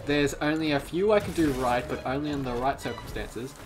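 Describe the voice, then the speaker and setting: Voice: mid-range voice, a little fast, over music. A gamer in a co-op let's play, chatting casually in a rambling, self-mocking way that trails off. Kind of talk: casual gaming chat.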